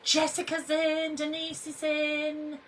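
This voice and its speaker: A woman's voice: sits high, completely flat delivery, slow pace, fairly bright tone, a little hiss or hum, rough recording. A woman hosting a casual livestream, chatty and bubbly, greeting her viewers by name. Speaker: craft brand owner hosting a livestream.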